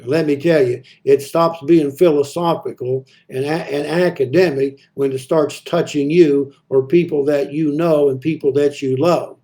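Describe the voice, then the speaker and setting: High-voiced, mellow-toned man preaching plainly. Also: steady tone, normal speed, hardly any pauses. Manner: conversational, reads scripture aloud then explains it; frequent hesitations and repeated words. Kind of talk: midweek devotional Bible study.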